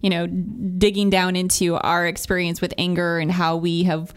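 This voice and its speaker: A woman's voice: lowish voice, flat delivery, moderate pace, smooth. A woman hosting a radio talk show, chatting casually with a guest and laughing often. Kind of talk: casual chat.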